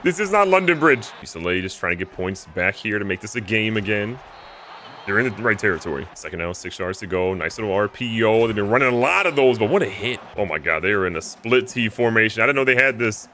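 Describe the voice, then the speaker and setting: Guy yelling and joking over his football game, bright voice, pitch all over the place, little bit of hiss behind. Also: fast talker. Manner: animated, jokey, swings between loud outbursts and low mutters. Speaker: gaming YouTuber. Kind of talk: excitable video game commentary.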